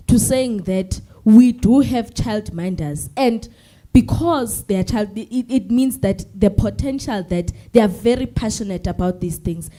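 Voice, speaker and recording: A teenage South African student whose first language is Zulu, giving a polite, hesitant address to a forum with many pauses. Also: female voice, medium pitch, mellow. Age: teens. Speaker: student representative.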